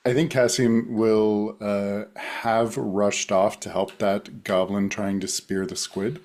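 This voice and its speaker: A man playing a character at a tabletop game, speaking in a hesitant, measured way. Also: lowish voice, little pitch movement, darkish tone. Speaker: player. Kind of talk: in-character tabletop role-play.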